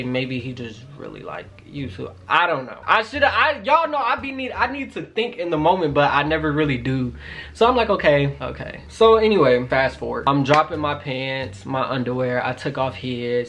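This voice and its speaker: A man in his twenties telling a casual storytime to his viewers, animated and profane, talking straight to them. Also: medium pitch. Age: 20s. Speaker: YouTuber.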